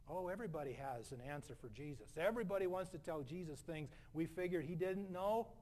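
A middle-aged male pastor preaching a sermon, swinging between loud emphatic lines and soft, hushed passages. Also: a little high, fairly quick, hardly any pauses.

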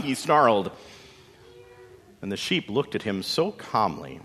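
A man narrating a story in a dramatic, expressive way with folksy asides. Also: fairly low pitch, normal speed. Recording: long hall reverb.

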